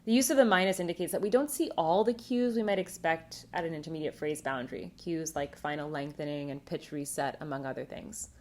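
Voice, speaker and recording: A woman presenting a recorded academic conference talk, reading a prepared script in a measured, explanatory way. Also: low voice.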